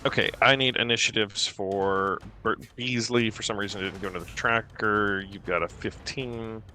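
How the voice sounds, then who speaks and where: A man running a tabletop game as dungeon master, describing scenes slowly with many pauses. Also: lowish voice, steady tone, bright, forceful tone, soft background music.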